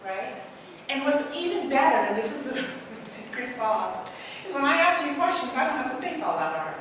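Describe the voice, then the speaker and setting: A woman from Trinidad giving an interactive workshop talk, animated and quizzing her audience. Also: sits high, moderate pace. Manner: animated, asks the audience many questions. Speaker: speaker and trainer. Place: large hall. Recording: echoey hall from far off, noisy.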